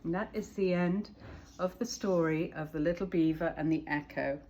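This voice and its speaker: A woman, a parent, reading a children's story aloud in a gentle, expressive narrating voice. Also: on the low side, normal speed, slight background noise.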